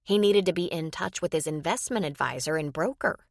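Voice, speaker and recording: A woman narrates a romance audiobook in a steady storytelling read. Her voice sits low, and the recording is dry, with no room sound. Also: a little fast, gravelly, no room sound. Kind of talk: scripted narration.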